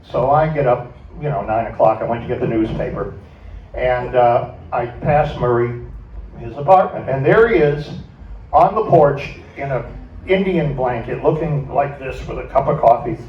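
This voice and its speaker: An older man, a former radio staffer, telling a stage anecdote with lively laughter. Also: medium pitch, moderate pace, slight background noise. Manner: animated, laughs through his anecdote. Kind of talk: storytelling on stage. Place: stage at a music club. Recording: echoey, dull, from far off.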